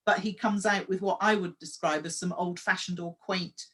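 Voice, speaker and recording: A woman who works as a host and story coach leads a casual interview conversation, affirming her guest and sharing stories of her own. Her lowish voice has a steady tone, a normal speed and a slightly bright quality.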